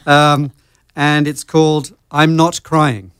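A man's voice: fairly high pitch, little pitch movement, slow, noisy background. A man introducing a song on the radio, loose and hesitant with an amused tone. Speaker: radio host.

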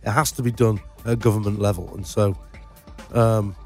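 A man's voice: on the low side, fairly even intonation, moderate pace, soft background music. Sarcastic man co-hosting radio. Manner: dry and sarcastic, loose and rambling. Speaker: radio co-host. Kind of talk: casual chat with sarcastic commentary.

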